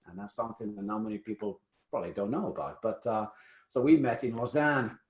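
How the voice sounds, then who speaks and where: A man's voice: medium pitch, animated, a little fast, a little mellow, reverberant. A man hosting a podcast, chatting in a jovial, rambling way with frequent restarts. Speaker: podcast host. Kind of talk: casual interview chat.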